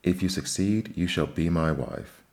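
A man with a very deep voice voicing a greedy fairy-tale king who gives curt commands in a storybook reading. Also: unhurried, a little mellow. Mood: commanding.

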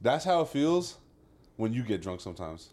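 A man's voice: medium pitch, big pitch swings, normal speed, a little mellow. A young man co-hosting a casual podcast, rambling and searching for his words. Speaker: podcast co-host. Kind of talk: casual chat.

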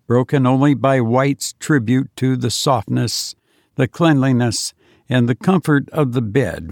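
A man narrating a ghost story in a measured, steady way. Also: mid-range voice, creaky, no room sound, clean studio sound. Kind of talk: scripted narration.

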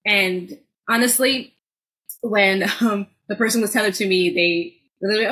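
A woman co-hosting a podcast and telling her own stories. She talks in an expressive way and leans on "like," and her voice sits at an ordinary middle pitch. Now and then she jumps to loud, high bursts to act out a scene. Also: normal speed, poor audio. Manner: frequent filler "like". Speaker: podcast co-host. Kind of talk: casual podcast storytelling.

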